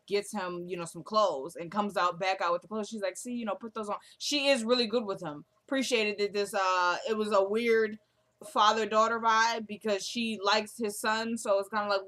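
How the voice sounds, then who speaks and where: A woman with a Southern American accent, casually recapping a TV episode and softly quoting the characters' lines as she goes. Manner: chatty, retells scenes quoting characters in a low soft voice. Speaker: TV recap vlogger.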